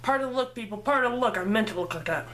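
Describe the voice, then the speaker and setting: Playful woman vlogger, kinda high voice, chatty makeup tutorial, talks to herself. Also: rapid-fire, fairly bright tone, slight background noise. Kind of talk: casual makeup tutorial chat.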